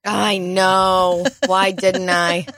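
A woman's voice: fairly low pitch, little pitch movement, very slow, a bit bright, no room sound, clean studio sound. An American woman who does stand-up comedy, chatting casually on a podcast, rambling with lots of fillers. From United States. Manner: rambling, filler-heavy, laughs easily. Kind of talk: casual chat.

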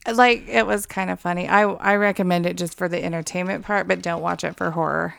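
A woman's voice: on the low side, steady tone, a little fast, gravelly, crowd noise. A woman in her thirties chatting casually and giggling about movies she has seen. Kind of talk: casual chat.

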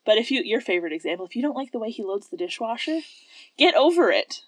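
A woman co-hosting a casual Christian talk show, lively and laughing often as she makes her points. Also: fairly high pitch, fast, no room sound. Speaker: podcast co-host. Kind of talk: casual faith-based chat.

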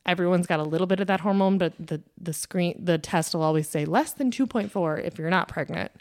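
A woman's voice: fairly low pitch, a little fast, a little mellow, dry recording, studio quality. A woman in her thirties, a podcast host, telling a personal story in a candid, conversational way with plenty of fillers.

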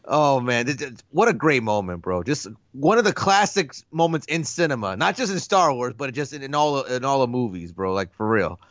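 A man's voice: mid-range voice, expressive, normal speed, hardly any pauses, fairly bright tone, dry recording. Laid-back man on a dull, dry mic. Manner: laid-back, slangy, laughs often. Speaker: podcast co-host. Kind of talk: casual film chat.

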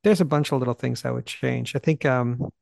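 A man with a gravelly edge to his voice talks fast and eagerly in a relaxed podcast conversation. He cuts off his own sentences in his hurry to reach the next thought. The sound is close and dry, with no room around it. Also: medium pitch, dry recording. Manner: fast, eager talker who clips his sentences and restarts. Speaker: Bible study teacher.

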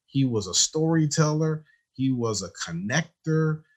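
A man who works as a teacher, telling stories in a relaxed interview and acting out the dialogue he quotes. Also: on the high side, unhurried. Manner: animated storyteller, acts out quoted dialogue. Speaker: teacher, guest. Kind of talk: storytelling in a conversational interview.

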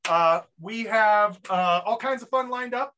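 A man's voice: high-pitched, measured pace, pushed and bright, slight background noise. A man hosting a podcast in an upbeat, hype-style casual chat, full of fillers. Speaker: podcast host.

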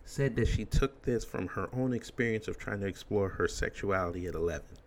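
Blunt, low-voiced ranting man. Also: brisk, slight background noise. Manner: blunt, emphatic, crude. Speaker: commentary host. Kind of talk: ranting commentary.

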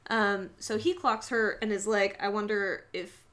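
A woman's voice: mid-range voice, fairly even intonation, a little slow, fairly bright tone. A woman co-hosting a podcast, joking her way through a casual movie recap. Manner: joking, playful, conversational. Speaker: podcast co-host.

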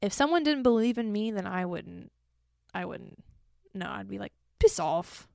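A young woman hosts her podcast in a loose, self-deprecating chat, tired from an early morning. Her voice carries a gravelly fry at mid pitch. It is recorded close and dry, with no room sound. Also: expressive, normal speed, a little mellow, no room sound. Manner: chatty and self-deprecating, joking asides. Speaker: podcast host. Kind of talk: casual solo podcast chat.

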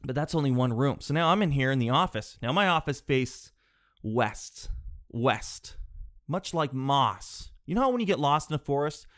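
A man with a cold, sniffling as he rambles through an animated, digressive comic monologue from his home office. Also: fairly high pitch, a little fast, hardly any pauses. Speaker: vlogger.

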